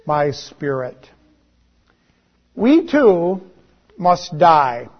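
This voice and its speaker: A man preaching a sermon in a slow, deliberate way, letting his voice drop on key words. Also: high voice, muffled recording. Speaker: pastor.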